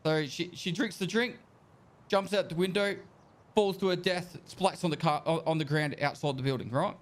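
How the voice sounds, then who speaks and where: A man casually telling a joke to friends during a game session. His voice sits fairly high, and his telling is loose and full of fillers. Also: normal speed. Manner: loose, filler-heavy storytelling.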